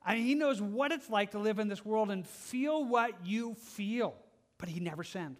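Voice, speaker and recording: A man preaching a verse-by-verse sermon as pastor, talking earnestly and conversationally, with restarts and soft laughs. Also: high voice, expressive, moderate pace.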